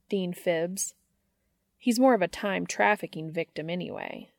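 A woman's voice: lowish voice, unhurried, creaky, dry recording. A woman narrating a comic story with a wry, dry delivery. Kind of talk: fan fiction reading.

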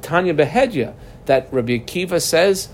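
A man teaching a Talmud class in a slightly raised voice. He reads the text aloud, then explains each line with a lot of rise and fall. A faint rumble sits under the recording. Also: lively intonation, moderate pace.

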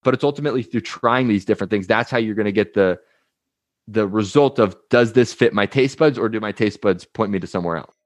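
A man's voice: fairly low pitch, fast, no room sound. A young man, a coach, talking casually as an interview guest, telling stories and acting out quotes with energy. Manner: energetic storyteller, uses anecdotes and acted-out quotes.

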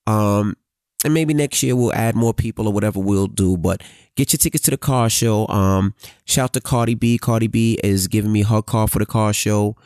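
A man's voice: fairly low pitch, moderate pace, smooth, no room sound, studio quality. A man co-hosting a casual podcast, telling stories animatedly with the odd curse. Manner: animated storytelling, swearing, hums sound effects. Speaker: podcast co-host. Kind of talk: casual chat.

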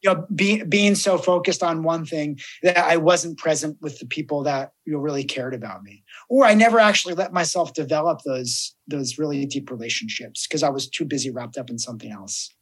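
A man's voice: on the high side, a little fast, hardly any pauses. A man who works as a death doula, chatting as a podcast guest and acting out the voices in his stories. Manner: animated storyteller, acts out quoted voices. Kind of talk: casual podcast chat.

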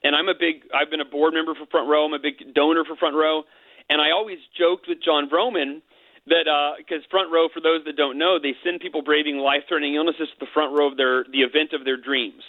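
A man's voice: fairly high pitch, fairly even intonation, dry recording. A middle-aged man, an interview guest, telling a personal story candidly and emotionally, mixing in jokes. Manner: candid, emotional, quick to joke. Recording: tinny phone-line sound.

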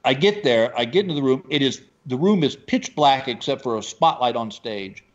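A man's voice: mid-range voice, normal speed, lo-fi sound. Man spinning comedy road stories. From Texas. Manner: animated storyteller, acts out quoted voices. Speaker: stand-up comedian guest. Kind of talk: casual storytelling chat.

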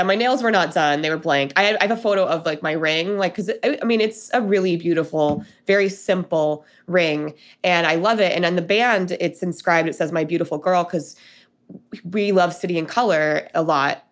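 Chatty young woman telling a story. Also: fairly low pitch. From Denver, USA. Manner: chatty, many fillers and quoted dialogue. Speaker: guest telling her story. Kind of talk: casual storytelling.

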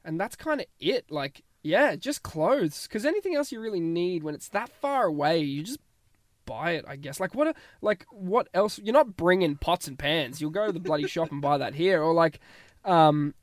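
A man's voice: fairly high pitch, expressive, normal speed, no echo. A young Australian man chatting casually as a guest, easygoing and rambling, often trailing off into a mumble. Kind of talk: casual chat.

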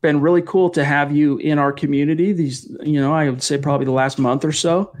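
A man hosting a casual live-stream podcast, energetic as he reads out viewer messages and thanks donors. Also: on the high side, a little fast. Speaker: podcast host.

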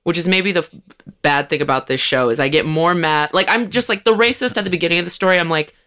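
A woman's voice: on the low side, fast talker, sharp tone. Sarcastic woman podcast co-host. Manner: sarcastic, riffing with mock-quoted voices. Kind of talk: casual chat.

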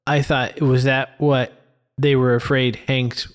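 A man's voice: mid-range voice, little pitch movement, slow, smooth. A man co-hosting a casual film podcast, making wry, joking asides. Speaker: podcast co-host.

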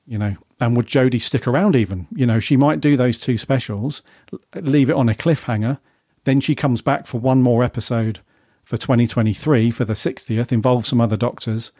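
A man's voice: medium pitch, a little fast, warm tone, no echo, studio quality. A man co-hosting a casual fan podcast, talking at length in a rambling, chatty way and turning to his co-host for his view.

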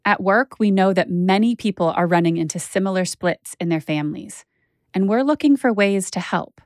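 A woman's voice: mid-range voice, moderate pace, a little mellow, dry recording, studio quality. A woman journalist telling a personal story as a podcast narrator, candid and conversational with frequent "like" fillers.

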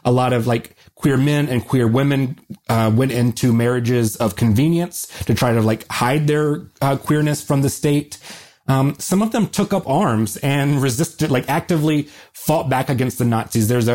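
A man with a warm, mellow voice speaks earnestly in a casual interview. He explains history with plenty of fillers and self-corrections, never rushing to sound polished. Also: mid-range voice. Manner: earnest, many fillers and restarts. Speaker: guest historian. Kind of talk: conversational interview answers.

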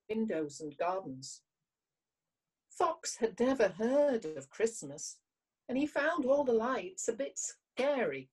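A woman reading a children's storybook aloud in an expressive, measured way. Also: mid-range voice, breathy edge.

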